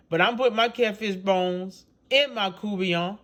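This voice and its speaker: Animated Louisiana man with a high voice. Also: moderate pace, few pauses. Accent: Louisiana Cajun English. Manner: chatty and animated, laughs often, folksy dialect. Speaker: cooking show host. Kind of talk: casual cooking video chat.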